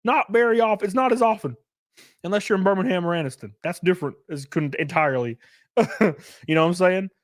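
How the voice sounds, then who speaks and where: A man's voice: sits high, quick pace, no echo, clean studio sound. A man in his thirties, a live streamer, ranting casually and profanely to his chat with sarcasm. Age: 30s.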